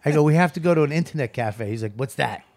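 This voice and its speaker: A man's voice: a little high, fast. A man co-hosting a comedy podcast, telling stories in casual, profane banter. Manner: profane, animated storytelling with impressions.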